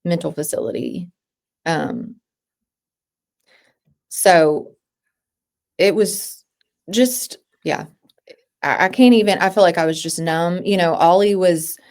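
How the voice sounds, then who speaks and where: A woman in her thirties, a podcast guest, speaking in an emotional personal interview with halting phrases that restart and trail off. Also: on the low side, expressive, gravelly, darkish tone.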